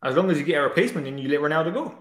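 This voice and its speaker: A man's voice: a little high, expressive, rapid-fire, fairly bright tone, echoey room. A man, arguing insistently and with exasperation in a heated football debate. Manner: exasperated, insistent, talks over the other man. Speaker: debate guest.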